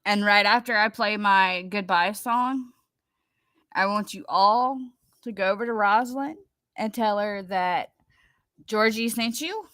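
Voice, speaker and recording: Woman host, unhurried and rambling, dry close sound, mid voice. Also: medium pitch, fairly bright tone, smooth, dry recording. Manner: rambling, chatty, laughs easily. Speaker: live stream host. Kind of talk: casual live stream chat reading viewer comments.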